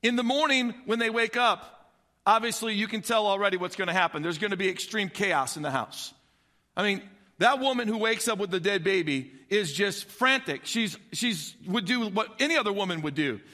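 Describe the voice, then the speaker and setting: A man preaching a sermon, retelling a story in an animated, conversational way that swings between loud and soft. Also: sits high, normal speed, big-room sound.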